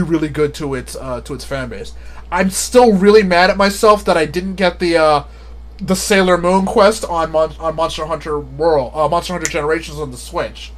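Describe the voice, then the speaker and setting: A man chatting casually on a live stream, rambling and often laughing at his own jokes. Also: a little high.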